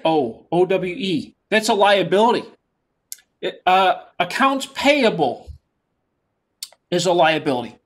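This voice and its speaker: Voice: mid-range voice, fairly bright tone. A lecturer with a New York accent giving a classroom lecture, repeating key terms in a plain, explanatory way.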